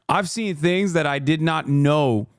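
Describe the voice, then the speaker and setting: A man's voice: on the high side, dry recording, clean studio sound. A man streaming, ranting with heated, profane sarcasm while reacting to a clip.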